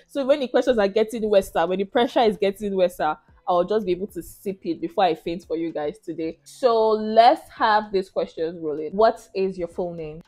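A woman's voice: medium pitch, normal speed, darkish tone. A young woman with a Nigerian accent, chatting casually to viewers in a question-and-answer vlog and laughing often. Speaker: YouTuber.

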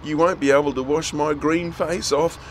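A man voicing a lonely, gentle real witch who talks in a wistful, pleading way. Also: extremely high pitch, huge pitch swings, a little slow, gravelly, a little hiss or hum, voice pushed up, exaggerated voice.

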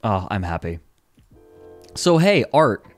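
A man streaming casually, who laughs often, exclaims loudly and reads chat aloud. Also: lowish voice, big pitch swings, slow pace, faint music behind.

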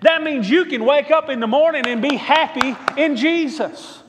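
High-voiced man preaching in a reverberant church. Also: normal speed, noisy background. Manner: rhythmic repetition, calls out to the congregation for response. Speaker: pastor. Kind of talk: sermon. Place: church sanctuary.

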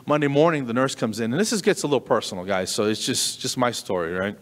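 A middle-aged man performing stand-up comedy, telling a story with animated delivery and sudden high squeaks of disbelief. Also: quick pace. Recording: long reverberant hall.

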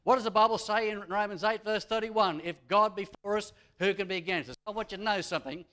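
A man's voice: high-pitched, quick pace, pushed and bright. A man preaching a sermon as a pastor. He builds emphasis and repeats his key phrases. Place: church.

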